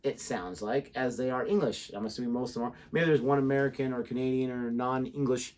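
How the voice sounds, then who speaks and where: A man's voice: medium pitch, brisk, darkish tone. A man co-hosting a reaction video, chatting casually in a rambling, self-mocking way. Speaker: co-host of a reaction channel.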